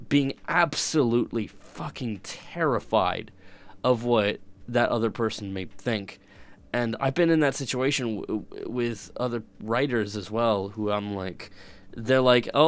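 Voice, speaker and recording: A man's voice: medium pitch, clean tone. A young man streaming and chatting casually, rambling and swearing, often breaking off and restarting his sentences. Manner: rambling, profane, self-interrupting. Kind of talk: casual chat.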